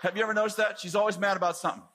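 A middle-aged man preaching a sermon, telling stories with lively asides and quick jokes. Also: high-pitched, a little hiss or hum. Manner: animated storytelling with quick asides.

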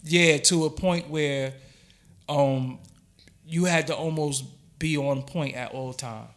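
A man's voice: fairly high pitch, steady tone, takes it slowly, fairly bright tone. A man co-hosting a podcast in casual chat, telling blunt, profane stories about the old days. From Brooklyn, New York. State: has been drinking. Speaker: podcast co-host.

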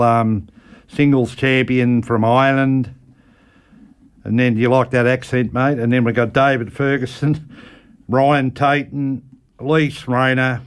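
Aussie bloke doing the bowls report on local radio, smooth clear voice, lots of ums. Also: male voice, mid-range voice. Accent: Australian. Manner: rambling, with frequent ums and uhs. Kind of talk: casual radio sports report.

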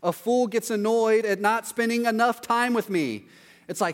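A man preaching a casual, conversational sermon in a chatty, animated way, often tagging his points with "right?". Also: sits high, normal speed, big-room sound.

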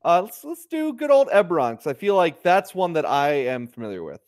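A man's voice: high-pitched, wildly swooping pitch, brisk, a little mellow, no room sound, clean studio sound. A man co-hosting a casual chat over a video call, rambling through fillers and restarts. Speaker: podcast co-host.

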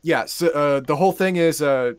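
A man's voice: fairly high pitch, normal speed, clean tone, no echo, clean studio sound. Stammering man in casual chat. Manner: hesitant, stammering restarts. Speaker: podcast co-host.

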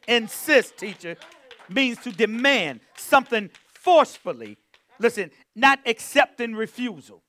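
A male pastor preaches with a high, ringing voice that leaps all over the scale. He is fervent, bursting into exclamations and hums between points, and keeps calling on his listeners to respond. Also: lively intonation, a little slow, pushed and bright. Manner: calls on the congregation to respond. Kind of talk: sermon.

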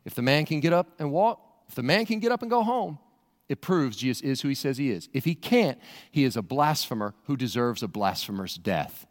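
A pastor preaching an expressive, dramatic sermon full of rhetorical questions in a church. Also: male voice, mid-range voice, a little fast. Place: church sanctuary. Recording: long church reverb.

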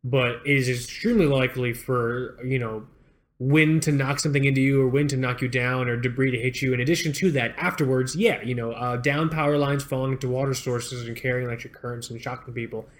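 A young adult man co-hosting a podcast in casual chat, animated, swearing freely and restarting his sentences as he rambles. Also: medium pitch, fairly quick. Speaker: podcast co-host.

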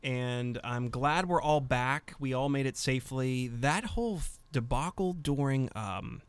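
A man's voice: medium pitch, unhurried, clear, resonant tone, no room sound. A man hosting a casual comedy podcast, rambling and cutting himself off mid-sentence as he jokes with his co-hosts. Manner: rambling, self-interrupting, joking. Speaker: podcast host.

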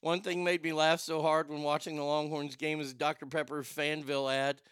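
A man in his fifties runs a radio talk show, riffing loudly and joking through his stories. His voice sits high and sounds smooth and clear. The sound is dry, with faint music underneath. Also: little pitch movement, moderate pace, no echo. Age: 50s. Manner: loud, joking, rambling storyteller.

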